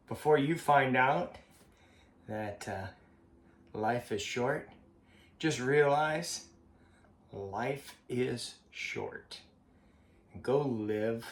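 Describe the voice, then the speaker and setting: A man vlogging in a slow, halting, heartfelt way, with a frequent cough. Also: mid-range voice, fairly bright tone. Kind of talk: personal vlog monologue. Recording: roomy echo.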